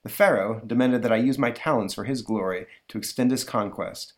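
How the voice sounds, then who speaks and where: A man's voice: medium pitch, brisk, natural voice. A man voicing a wise old scientist-ruler from a comic, formal and declaiming. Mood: stately.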